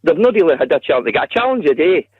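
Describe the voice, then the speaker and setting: A man's voice: on the high side, sing-song, racing, husky, no echo, dull audio. A man calling a radio phone-in, a confident and defensive football fan. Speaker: radio caller. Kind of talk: phone-in call.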